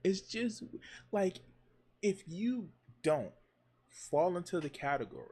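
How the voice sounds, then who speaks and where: Husky, sarcastic man reacting to clips. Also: sits high, slow pace. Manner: animated, sarcastic, mocking voices. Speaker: commentary streamer. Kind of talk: reaction commentary.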